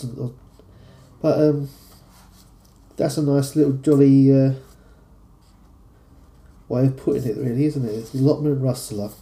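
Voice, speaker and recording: A man with a London accent hosts a podcast from a studio, talking casually with plenty of easy fillers. His voice is very dark and mellow. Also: mid-range voice. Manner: relaxed, chatty, with fillers. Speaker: podcast host. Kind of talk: casual podcast chat and poem reading.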